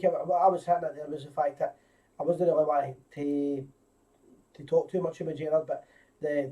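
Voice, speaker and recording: Scottish guy running a live fan stream, bit high voiced, rambly and chatty, mic a wee bit far off. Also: dark tone. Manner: chatty, greets viewers by name, rambling with restarts. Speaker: host of a live fan show. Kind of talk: casual live-stream chat.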